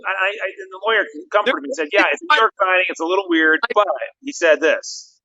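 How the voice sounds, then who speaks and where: A man co-hosting a casual livestream chat, telling stories in an animated way and laughing often. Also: sits high, a little fast, muffled recording. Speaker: podcast co-host, real estate investor.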